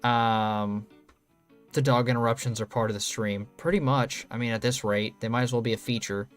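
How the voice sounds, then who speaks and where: A man's voice: medium pitch, fairly even intonation, moderate pace, soft background music. Rambling young man telling stories. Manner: rambling, loose, swears freely, many ums. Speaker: streamer. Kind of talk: casual storytelling stream.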